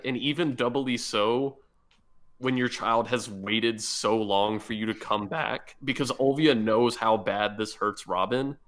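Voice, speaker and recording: A man's voice: medium pitch, fairly bright tone. A man co-hosting a casual podcast, retelling scenes with emotion and frequent swearing. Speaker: podcast co-host. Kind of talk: casual chat about an anime.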